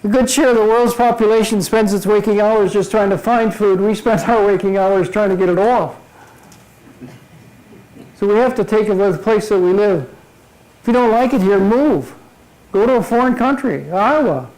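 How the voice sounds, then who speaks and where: An older man giving a humorous motivational talk at a club meeting, telling jokes deadpan. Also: high voice, normal speed, rough recording. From Minnesota. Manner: deadpan joke-telling to a laughing audience. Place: meeting room before a live audience. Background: audience laughter.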